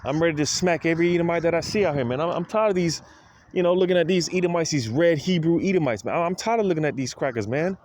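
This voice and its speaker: A man's voice: fairly high pitch, fast, a little mellow, slight background noise. A man preaching an informal monologue, weary and full of grievance, leaning on "man" and "you know" again and again. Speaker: street preacher.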